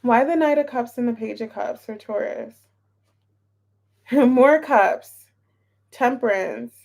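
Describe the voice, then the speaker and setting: A woman's voice: on the high side, slow, gravelly, a little mellow. A woman giving a casual live tarot reading, chatty and a little scattered, repeating herself and greeting viewers in the chat. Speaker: tarot reader.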